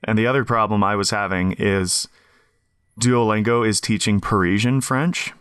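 A man from Canada chatting on a podcast, quick to joke and laugh as he rambles. His voice sits on the lower side. The sound is close and dry, with no room around it. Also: fairly even intonation, fairly bright tone, smooth, no room sound. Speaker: podcast co-host. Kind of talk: casual chat.

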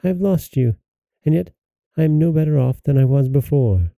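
A man voicing a kind young princess in a storybook reading, speaking softly and pleadingly. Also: medium pitch, a little fast, gravelly, no room sound, natural voice. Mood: grieving.

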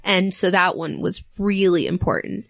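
A woman's voice: lowish voice, moderate pace, vocal fry, no room sound, clean studio sound. A young woman tattoo artist chatting as a podcast guest, talking in a sentimental way with frequent laughs. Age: young adult. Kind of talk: casual interview chat.

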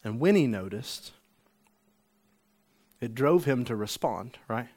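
Male pastor, mid-pitch, animated sermon storyteller. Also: takes it slowly. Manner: animated storytelling, acts out the healed man's joy.

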